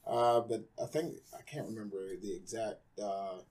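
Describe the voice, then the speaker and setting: Husky guy, lowish voice, rambling through his story, lots of fillers. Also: moderate pace, a little mellow. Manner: candid, rambling, with many fillers. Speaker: guest. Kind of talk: candid personal storytelling in a conversation.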